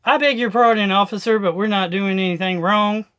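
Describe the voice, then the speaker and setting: A man voicing an overly polite churchgoer who addresses police with mock courtesy and quiet menace. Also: sits high, brisk, smooth.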